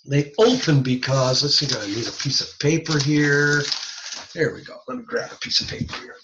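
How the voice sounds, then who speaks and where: A man lectures over a dull, lo-fi video call, his slightly high voice swinging up and down a lot. He explains things step by step, chatty and casual, throwing in joking asides. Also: background noise. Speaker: instructor. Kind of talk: online lecture.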